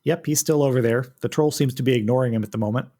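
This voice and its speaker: A man's voice: medium pitch, racing, mellow. A man running a tabletop game as game master, patiently walking the players through rules and turns. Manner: patient, explains rules step by step.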